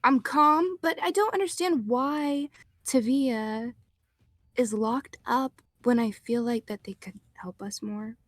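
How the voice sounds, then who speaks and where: A woman voicing an anxious young adventurer who talks haltingly, in a tabletop role-play. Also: a little high, no room sound, studio quality, pitched above the performer's own voice. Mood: worried. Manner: hesitant, halting.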